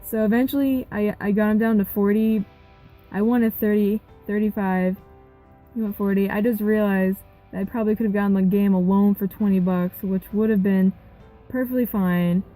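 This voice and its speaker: Young female gaming vlogger, animated rambling storyteller, soft mellow voice. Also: mid-range voice, moderate pace, soft background music, low-quality recording. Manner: rambling, animated retelling with quoted dialogue. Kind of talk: casual storytelling vlog.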